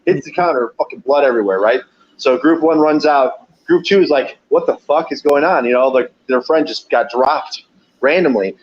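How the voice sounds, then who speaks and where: A man's voice: mid-range voice, moderate pace, a little hiss or hum. A man telling wild delivery-job stories in a loose, profane, rambling way, laughing often and acting out what people said. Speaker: podcast guest, pizza delivery driver. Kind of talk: casual storytelling. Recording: dull lo-fi audio.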